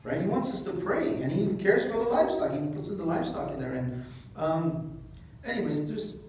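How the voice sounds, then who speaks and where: A man preaching a sermon as pastor, retelling scripture in a casual, joking way with animated asides. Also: on the high side, fairly quick, slight background noise. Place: church hall. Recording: echoey hall, mic at a distance.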